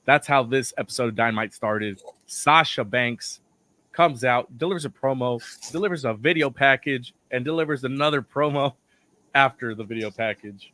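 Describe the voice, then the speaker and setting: A man with a hoarse voice he is losing, co-hosting a casual wrestling chat and giving blunt opinions. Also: mid-range voice, moderate pace, pushed and bright. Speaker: podcast co-host.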